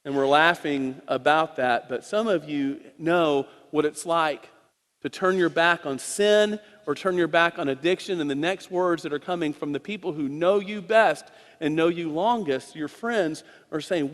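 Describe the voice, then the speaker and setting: Male preacher with a high voice, animated sermon storytelling, reverberant sanctuary. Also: unhurried. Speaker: pastor. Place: church sanctuary.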